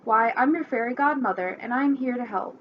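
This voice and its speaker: A woman voicing a kind fairy godmother who calmly asks caring questions, in a slightly muffled recording with faint hiss. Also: on the high side, a little fast, close to an everyday voice.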